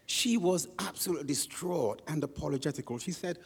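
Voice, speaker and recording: A man preaching a sermon as a pastor, telling stories with lively acted-out quotes. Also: a little high, brisk, hardly any pauses, breathy edge, long reverb tail. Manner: animated storytelling with acted-out quotes. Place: church.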